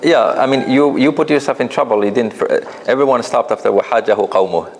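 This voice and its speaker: A man's voice: medium pitch, a little fast, a little hiss or hum. A man teaching a tajweed class, correcting students' recitation with patient explanations. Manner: gentle corrective explanations with light laughs.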